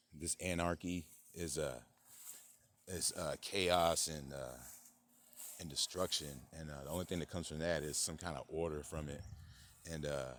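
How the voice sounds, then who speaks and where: A man hosts his own channel, delivering a rambling monologue packed with fillers. Every so often he breaks into loud, high-pitched mock voices.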